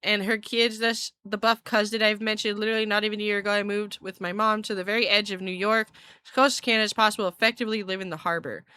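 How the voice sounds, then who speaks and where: A woman's voice: mid-range voice, steady tone, quick pace, sharp tone, clean tone, no room sound. A woman from Scotland chatting casually with viewers on a livestream, giggly and rambling, often cutting herself off mid-sentence. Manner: giggly, rambling, self-interrupting. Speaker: virtual streamer.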